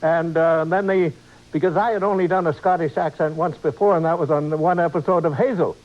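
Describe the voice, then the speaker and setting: A man's voice: fairly high pitch, fairly even intonation, a little fast. An older man, a guest actor, chatting on a talk show in a rambling, chuckling way. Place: TV studio. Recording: dull lo-fi old TV tape with faint hiss.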